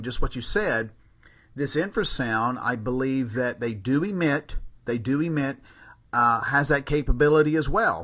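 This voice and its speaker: A male podcast host talks in a slow, deliberate way. His voice sits in a mid range, and he reasons through his points at length in a measured, thoughtful manner. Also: medium pitch, a bit bright. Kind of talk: interview questions and commentary.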